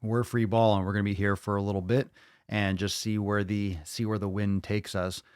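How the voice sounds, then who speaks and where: A man's voice: lowish voice, little pitch movement, normal speed, a little mellow, clean tone, no room sound, clean studio sound. An American man hosting a live-streamed fitness podcast, chatting casually with viewers, cursing freely and repeating his phrases. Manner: profane, hyped, repeats phrases. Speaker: podcast host.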